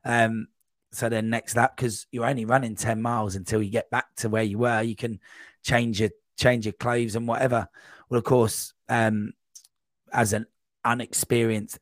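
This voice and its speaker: A man guest on a podcast, telling a long, rambling running anecdote in a casual, animated way. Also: fairly low pitch, no room sound. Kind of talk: casual storytelling.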